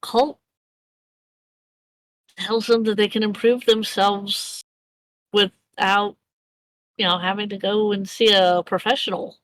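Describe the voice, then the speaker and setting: A woman voicing a worried male nurse in a tabletop game, speaking hesitantly with halting restarts. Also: medium pitch, flat delivery, fairly bright tone, no room sound, rough recording.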